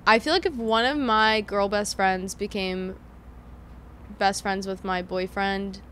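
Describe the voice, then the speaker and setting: A woman's voice: mid-range voice, fairly even intonation, measured pace, fairly bright tone, a little hiss or hum. A young woman in her twenties hosting a podcast, chatting casually and rambling with lots of fillers. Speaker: podcast host. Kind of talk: casual chat.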